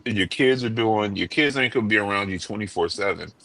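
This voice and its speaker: A man's voice: lowish voice, a little fast, creaky, bright, forceful tone. A man on a live-streamed panel, talking bluntly and swearing freely as he tells stories and acts out other people's lines. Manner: blunt, profane storyteller who acts out quotes. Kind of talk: casual debate chat.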